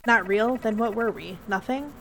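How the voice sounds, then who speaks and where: A woman's voice: on the high side, normal speed, slight background noise, natural voice, rough recording. A woman voicing a resentful jilted lover in a story game, speaking in bitter, reproachful questions. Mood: accusing.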